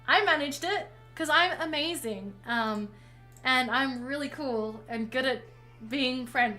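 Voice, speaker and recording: Brief: female streamer, bright and a touch high, casual storytelling with plenty of swearing, soft music underneath. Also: takes it slowly. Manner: chatty, swears freely, lively and animated in quoted dialogue.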